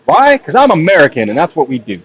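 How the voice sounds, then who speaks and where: A man doing solo play-by-play of a ball hockey game, joking with chat between plays and rising in excitement on big plays. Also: a little high, fast, slightly rough, lo-fi sound. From not from Texas. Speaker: play-by-play commentator. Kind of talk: solo live sports commentary with chat asides.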